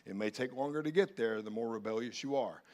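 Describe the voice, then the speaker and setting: A male pastor preaching a sermon, dropping to soft, close pleas and then rising to loud, urgent calls. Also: mid-range voice, fast. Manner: swings from hushed pleading to loud urgent calls.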